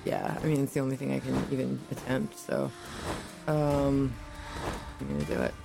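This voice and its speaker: A woman playing a tabletop game, excitable and shouting out in character. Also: very deep voice, normal speed, gravelly, over music. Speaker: player.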